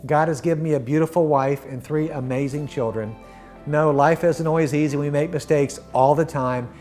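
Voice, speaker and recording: Middle-aged guy telling his faith story, kinda high voice, earnest, quiet music under it. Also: fairly even intonation, normal speed. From Florida. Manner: earnest and heartfelt, softening to a hush at the end of lines. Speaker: guest sharing his testimony. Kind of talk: personal faith testimony.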